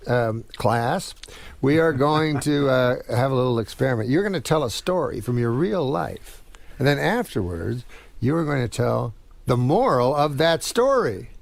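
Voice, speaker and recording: A man voicing a schoolteacher who leads a class in a folksy, deliberate way. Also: mid-range voice, animated, vocal fry, dry recording, voice pushed down. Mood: instructing.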